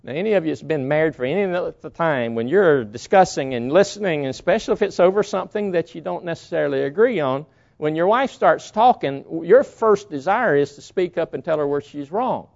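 A man's voice: a little high, lively intonation, a little fast, creaky, a little mellow. A man preaching a sermon in a folksy, storytelling way. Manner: folksy storytelling, acts out quoted voices. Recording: dull lo-fi recording.

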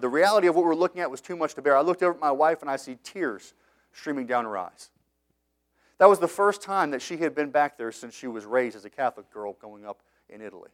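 Impassioned male preacher, somewhat high voice. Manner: impassioned preaching, swinging between loud and soft; reads scripture in slow measured tones. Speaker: pastor, missionary. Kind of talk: sermon.

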